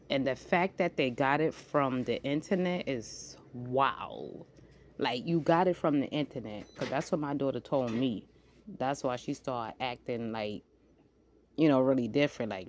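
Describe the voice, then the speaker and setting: Deep-voiced lady in her 40s, rambling vlog chat, hops topic to topic. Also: measured pace, slight background noise. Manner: rambling, jumps between topics; animated, slides into acted-out quotes. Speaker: vlogger. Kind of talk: casual monologue.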